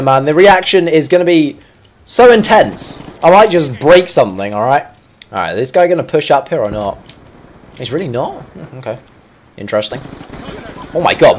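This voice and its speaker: A man giving live commentary over his own gameplay. He chats in a self-mocking way, then yelps and squeals at sudden moments. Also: medium pitch. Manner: chatty and self-mocking between fights.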